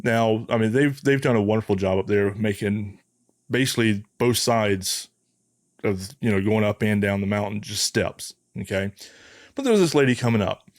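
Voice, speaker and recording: A man hosting a podcast, telling a story in an animated, casual way with frequent restarts. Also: lowish voice, normal speed, dry recording, studio quality. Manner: animated anecdote teller with many restarts. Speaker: podcast host.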